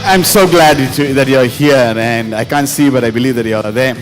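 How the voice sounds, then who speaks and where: With music playing underneath, a male pastor with a medium-pitched voice speaks at a moderate pace. He's delivering a humorous sermon to a live audience in an echoey school hall, telling stories, cracking jokes, and repeating lines for emphasis.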